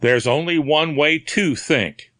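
A man's voice: fairly high pitch, takes it slowly, a bit bright, no room sound, pitched above the performer's own voice. Man doing a dry, insistent newspaperman. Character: calm, certain male newspaper reporter.

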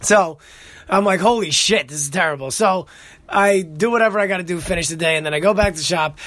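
A young man hosting a podcast, telling stories in a casual, excitable, profane way. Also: high voice, brisk, no room sound. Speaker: podcast host. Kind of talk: casual monologue.

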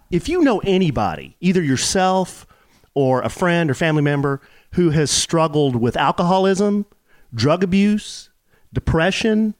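A man's voice: fairly high pitch, darkish tone, no echo, studio quality. A man co-hosting a podcast with his wife, casually giving fired-up, passionate opinions. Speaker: podcast co-host. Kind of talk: casual chat.

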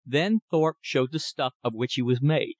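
A man narrating a novel in a measured, expressive reading. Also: medium pitch, dry recording. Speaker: audiobook narrator. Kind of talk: scripted narration.

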